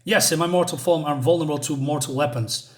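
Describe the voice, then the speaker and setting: A scheming male fire demon hiding as a village elder, gloating and theatrical, read aloud by a man reviewing a comic. The voice runs a touch high for a man and stays near his own. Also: fast talker, close to an everyday voice. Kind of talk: reading comic dialogue aloud.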